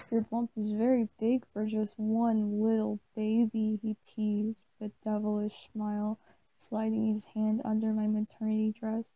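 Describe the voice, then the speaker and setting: Deadpan woman reading aloud, stumbling and swearing. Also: on the high side, no room sound, dull audio. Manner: deadpan reading, stumbling and breaking off to swear and make snide asides. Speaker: channel host reading aloud. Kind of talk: mock dramatic reading of a story.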